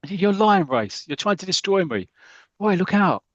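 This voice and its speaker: A man's voice: fairly high pitch, expressive, fairly quick, no echo, highs cut off, voice pushed up, close to an everyday voice. Man doing a panicky cornered villain. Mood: panicked. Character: panicky cornered male villain, middle-aged.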